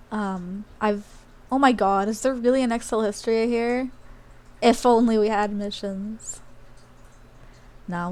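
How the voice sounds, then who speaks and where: A woman's voice: medium pitch, darkish tone. A woman from Australia who streams games live, talking in a casual, rambling way with many fillers and asides. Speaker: game streamer. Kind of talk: casual live-stream chat while gaming.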